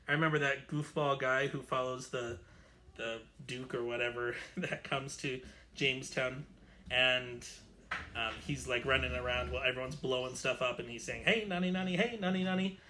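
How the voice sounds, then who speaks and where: A man's voice: mid-range voice, flat delivery, normal speed, pushed and bright, slight background noise. A man teaching an online string orchestra lesson, chatty and explanatory, correcting himself as he goes. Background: violin playing.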